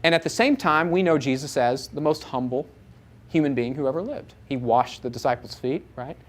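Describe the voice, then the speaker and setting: A man teaching a live audience, animated, asking them many rhetorical questions. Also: mid-range voice, moderate pace. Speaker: Bible teacher.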